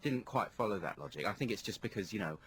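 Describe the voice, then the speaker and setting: A man co-hosting a radio show in a studio, telling stories in casual, animated banter. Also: lowish voice, quick pace, breathy edge. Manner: animated storytelling with lively shifts in tone. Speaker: radio co-host. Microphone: studio microphone.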